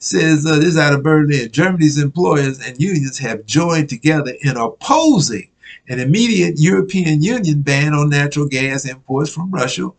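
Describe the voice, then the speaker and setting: Gravelly guy preaching, kinda high voice, keeps going "you follow me?". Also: animated, moderate pace, poor audio. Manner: repeats himself, restarts words. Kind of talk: street-style sermon reading news clippings.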